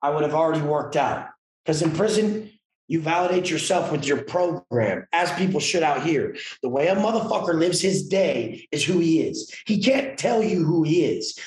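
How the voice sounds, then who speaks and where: A man's voice: a little high, echoey room, rough recording. A man telling his story as a podcast guest, emphatic, blunt and full of profanity. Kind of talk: casual interview storytelling.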